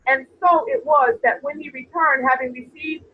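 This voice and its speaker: A woman's voice: high voice, fairly even intonation, moderate pace. A woman preaching a sermon, reading scripture aloud and asking the congregation questions. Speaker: apostle preaching. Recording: tinny phone-like sound with faint noise.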